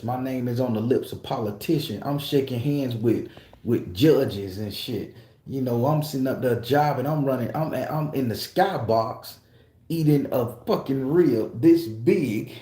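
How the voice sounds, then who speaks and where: A man pours out a heartfelt personal story, swearing freely and pressing hard on his points. His voice sits in a mid range with a mellow, darker tone. The room around him rings with a noticeable echo. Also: medium pitch, normal speed. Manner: profane, emphatic, emotional. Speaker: tattoo shop client. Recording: echoey room.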